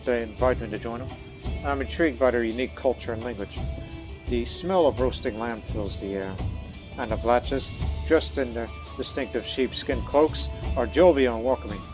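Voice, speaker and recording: Man, mid-pitched, game playthrough narrator reading events over soft music. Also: normal speed. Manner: reads event text aloud in first person, then muses. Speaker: gameplay commentator. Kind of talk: let's-play narration of a strategy game. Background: faint background music.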